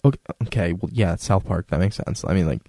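Young man telling animated stories, dry mic. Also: deep voice, fast, creaky, dry recording. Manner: animated storyteller, acts out quotes in raised voice. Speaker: podcast host. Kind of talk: casual chat.

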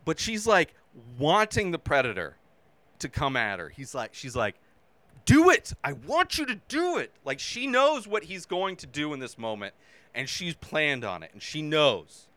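Animated male movie-review host. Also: on the high side, moderate pace, dry recording. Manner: animated, acts out his own reactions with sudden shouts. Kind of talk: casual spoken movie review.

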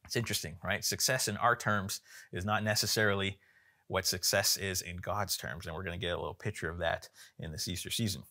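Easygoing preacher man, lowish voice. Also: a little fast. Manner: relaxed, informal, many fillers and restarts. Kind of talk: casual conversational sermon.

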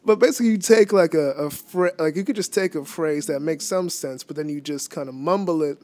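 A man's voice: on the high side, brisk, no echo. Laughing older man telling stories. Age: 60s. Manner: laughs often while telling anecdotes, relaxed drawl. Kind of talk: casual storytelling chat. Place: lives in a Boston neighborhood.

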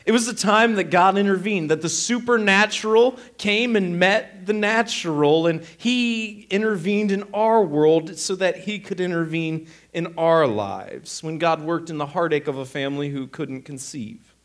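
A man, a pastor, giving a sermon and telling a personal story with lively, animated delivery. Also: high voice, a little slow. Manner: animated storyteller, acting out both sides of a dialogue.

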